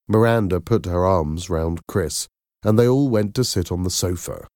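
A man narrating a storybook slowly and clearly, with an expressive delivery. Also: low-pitched, dry recording, studio quality. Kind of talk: storybook reading.

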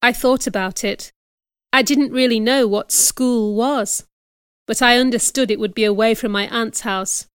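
A woman reading a storybook aloud as narrator, in a careful, steady storytelling manner. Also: a little high, measured pace, clean tone, no echo, studio quality. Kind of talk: scripted audiobook narration.

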